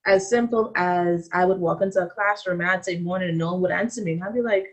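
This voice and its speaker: A woman from the Bahamas with a Bahamian accent, a student being interviewed, telling stories in a lively way and acting out the conversations she quotes. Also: mid-range voice, brisk, hardly any pauses. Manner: animated storytelling, acts out quoted exchanges.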